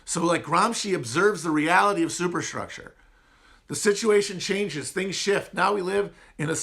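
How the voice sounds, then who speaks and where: A man's voice: fairly high pitch, creaky, sharp tone. Nasal upper Midwest man rambling. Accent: upper Midwest American. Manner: rambling, digressive, self-mocking. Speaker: podcast host answering chat. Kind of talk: casual livestream chat.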